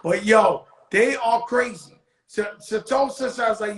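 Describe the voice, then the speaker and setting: High-voiced man hosting in an echoey room. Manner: loose, profane, street-talk delivery; slows into motivational preaching. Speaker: talk show host. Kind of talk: casual storytelling monologue.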